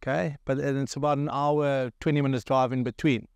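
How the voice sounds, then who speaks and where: A man's voice: medium pitch, level tone, a little fast, smooth, dry recording. A man with a South African accent, a former rugby player co-hosting a casual talk show, teasing guests and laughing often while telling stories. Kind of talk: casual banter.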